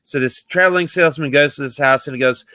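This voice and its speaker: Bright-voiced man in casual chat. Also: medium pitch, fast talker, no room sound. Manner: loose, chatty retelling with fillers. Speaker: podcast co-host.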